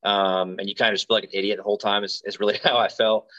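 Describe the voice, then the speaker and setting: A man in his thirties from Alabama talks through his recruiting days in a relaxed interview, winding through thoughts with fillers and restarts. His voice sits low. The recording sounds dull and lo-fi. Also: fast. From Alabama, USA. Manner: rambling, frequent fillers and restarts. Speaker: guest, Marine recruiter. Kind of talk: casual interview storytelling.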